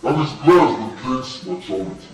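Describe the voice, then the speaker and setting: An actor playing a smug, ambitious young prince who gloats in a sing-song way. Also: male voice, mid-range voice, lively intonation, moderate pace, close to an everyday voice. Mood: gloating. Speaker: film actor. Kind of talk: film drama acting. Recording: echoey room, mic far off, music behind.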